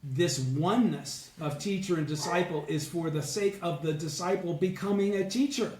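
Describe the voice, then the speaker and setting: A man with a slightly high voice leads a casual group study session at a moderate pace, explaining a text and checking understanding with "okay?" and "right?" He sounds congested and keeps clearing his throat. The space is reverberant, with a crowd in the background.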